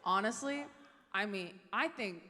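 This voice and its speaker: A woman's voice: medium pitch, expressive, unhurried. Chatty woman comic riffing on a noisy stage. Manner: chatty, rambling, self-amused. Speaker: stand-up comedian. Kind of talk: stand-up comedy and crowd chat. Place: comedy club stage with audience. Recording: noisy live club recording.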